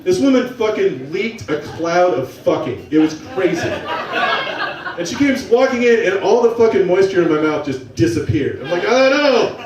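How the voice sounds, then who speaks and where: A young man telling a profane, excitable, self-mocking story on stage to a live audience. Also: high voice, normal speed, a crowd in the background. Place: small venue with a live audience. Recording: roomy, from a distance.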